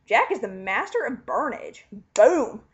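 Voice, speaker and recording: Woman vlogger, excitable casual recap delivery, swears freely, dull lo-fi recording. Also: medium pitch, normal speed. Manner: animated, chatty, swears casually.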